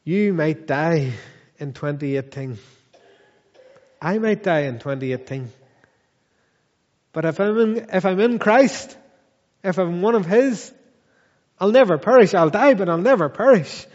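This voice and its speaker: A man preaching a sermon in a church, earnest and measured, pressing his listeners with repeated questions. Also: high voice, lively intonation, a little mellow, long reverb tail, highs cut off. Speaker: pastor.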